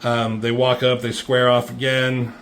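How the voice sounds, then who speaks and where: A man's voice: medium pitch, a little slow, a little hiss or hum. A man casually recapping a comic book page by page, swearing freely and getting worked up over the fight scenes, with lots of fillers. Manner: profane, excitable play-by-play with lots of fillers.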